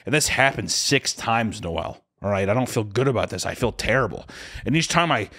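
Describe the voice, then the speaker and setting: A young podcast co-host with a lowish voice talks fairly quickly, telling a story in a casual, profane, comedic style. He's animated, acting out the people in it, screaming some of their quoted lines.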